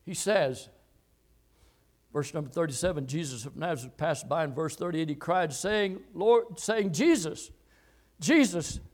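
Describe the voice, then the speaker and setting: A man preaching a sermon, quoting scripture and repeating phrases, swinging between loud, high exhortation and low, quiet telling. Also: moderate pace. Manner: reads and quotes scripture verses.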